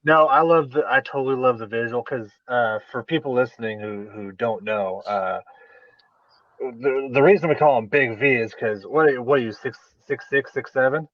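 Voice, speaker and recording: A man's voice: medium pitch, normal speed, no echo, muffled recording. A man co-hosting a podcast, joking and teasing his friend in casual chat. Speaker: podcast co-host.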